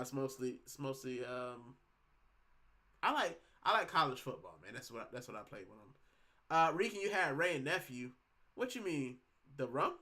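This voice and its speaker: A man's voice: fairly high pitch, pushed and bright. A man from Puerto Rico hosting a football channel, telling stories in slangy casual chat and calling his listeners bro. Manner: slangy storytelling, keeps saying bro.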